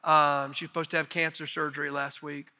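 Middle-aged guy preaching, telling homey stories with jokes on himself, high bright voice, big echoey church. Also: brisk. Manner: folksy, animated storytelling with self-deprecating humor. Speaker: missionary preacher. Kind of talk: sermon storytelling. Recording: long reverb of a large hall.

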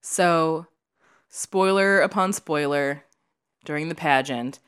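A woman co-hosting a podcast, chatting casually about a movie, animated and swearing, with lots of "like" fillers. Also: sits low, slow, clear, resonant tone. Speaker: podcast co-host. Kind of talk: casual chat reviewing a movie.

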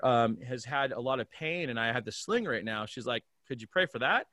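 A man who is a pastor, telling a story in a remote conversation and acting out the dialogue with big swings in pitch and loudness. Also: normal speed, no echo, clean studio sound. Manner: animated storyteller, acts out dialogue with big jumps in pitch and volume. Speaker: pastor, guest.

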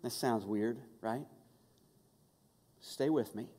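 A man preaching a sermon as pastor, telling the story with humor, quick asides and restarts. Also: mid-range voice, dark tone. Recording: long reverb of a large hall.

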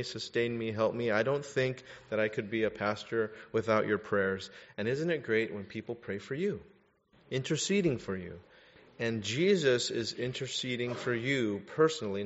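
Man preaching in an echoey hall. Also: medium pitch. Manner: emphatic, with many rhetorical questions. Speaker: pastor. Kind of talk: sermon. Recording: echoey hall, dull lo-fi sound.

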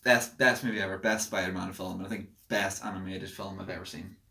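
A man's voice: low-pitched, fairly even intonation, a little fast, creaky, bright, forceful tone. A young man hosting a casual podcast chat, chatty and easily amused, recorded without a proper microphone. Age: young adult. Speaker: podcast host.

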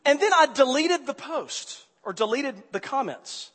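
A man preaching a sermon, telling a personal story with animated swings from quiet to loud exasperation. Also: very high voice, measured pace, hardly any pauses. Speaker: pastor. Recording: hall reverb.

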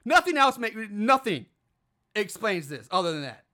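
A podcast host recapping a horror film in casual chat, animated and profane, often exasperated. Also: mid-range voice, moderate pace.

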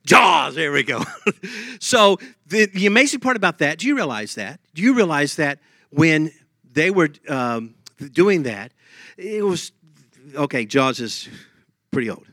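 A man delivers a lively sermon, humming tunes and laughing between points. His voice sits a little high and sounds bright and forceful. The recording is close and dry. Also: measured pace, no room sound. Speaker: preacher.

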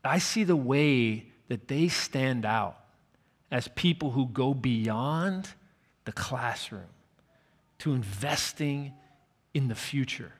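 A man preaching a sermon, telling a personal story with earnest warmth and dropping to a near whisper for quoted lines. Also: mid-range voice, lively intonation, slow, husky. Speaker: pastor. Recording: long hall reverb.

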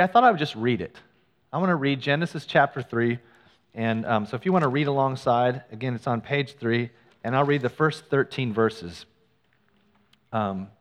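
A man's voice: mid-range voice, long reverb tail. A man preaching a sermon in a church, reading scripture and adding conversational, self-deprecating asides. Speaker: pastor.

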